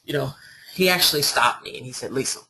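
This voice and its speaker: A woman giving an informal marketing training talk, telling her story in an animated, emphatic way. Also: rumbling low, fast. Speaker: online marketing coach.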